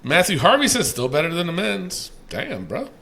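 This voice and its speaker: A man co-hosting a casual podcast, reading listener ratings aloud in a loose, profane way that swings from mumbling to yelling. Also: on the high side, huge pitch swings, moderate pace, vocal fry, a little hiss or hum.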